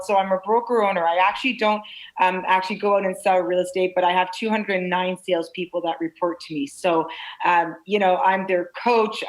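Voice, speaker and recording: A woman's voice: medium pitch, rough recording. A woman who owns a real estate brokerage, answering interview questions candidly, telling stories with lots of restarts and fillers. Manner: animated, candid storytelling with many restarts. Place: video call.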